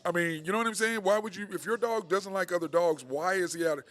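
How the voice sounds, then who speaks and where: A man's voice: high-pitched, fast, a bit bright. A man hosting a show from a bar, telling stories in casual chat and laughing a lot. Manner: laid-back storytelling, laughs a lot. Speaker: podcast host.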